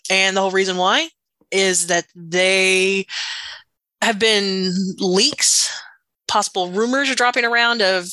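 A woman co-hosting a podcast, rambling excitedly in casual chat. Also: medium pitch, a little slow, no room sound. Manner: excited, rambling fan talk.

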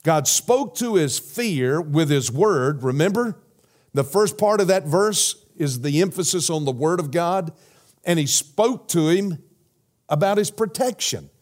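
Pastor, male, slightly higher voice, delivering a sermon with a deliberate, emphatic cadence. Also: animated, darkish tone. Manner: measured, emphatic preaching with repeated phrases and rhetorical questions.

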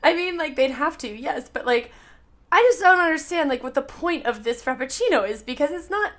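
A young woman in casual chat, talking in an animated, rambling way with lots of "like". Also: sits high, fairly quick. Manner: animated, rambling storytelling with frequent "like".

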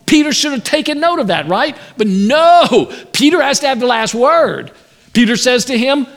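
Man preaching, high voice, very animated delivery, acts out the story's voices. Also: fairly quick. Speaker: pastor. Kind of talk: sermon.

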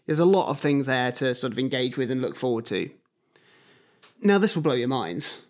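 A man's voice: mid-range voice, lively intonation, normal speed. A man co-hosting a podcast, telling stories with animation and acting out quoted voices. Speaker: podcast co-host. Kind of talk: casual chat. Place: at a table with his co-host.

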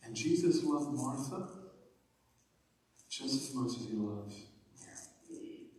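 A man preaching a sermon as pastor, animated and building to emphatic passages. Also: mid-range voice, takes it slowly. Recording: echoey hall from far off.

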